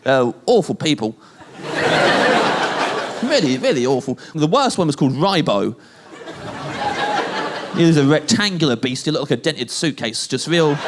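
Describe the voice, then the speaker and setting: A male stand-up with a lively, somewhat high voice. He laughs at his own lines and mocks himself as he goes. Loud crowd noise fills the recording. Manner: giggly, self-mocking delivery. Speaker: stand-up comedian. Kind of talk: stand-up comedy. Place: comedy stage.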